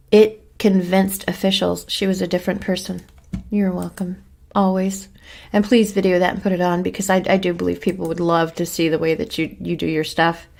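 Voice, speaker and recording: A woman's voice: on the low side, vocal fry, a little mellow. A woman hosting her own true crime channel, chatting casually and rambling to viewers while fussing over her dog.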